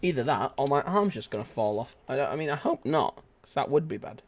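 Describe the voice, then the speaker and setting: A man's voice: medium pitch, expressive, a little fast. A young man streaming a shooter game, rambling goofily and breaking into squeals, laughs and bits of song. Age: young adult. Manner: goofy, rambling, bursts into shrieks, laughter and sung snatches. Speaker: gaming streamer. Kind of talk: casual live gameplay commentary.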